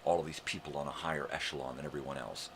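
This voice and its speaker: With a noisy background behind him, an older American morning-show host speaks very fast in an extremely low voice with fairly even intonation. His live segment is a profane, sarcastic rant, heavy on swearing and mockery.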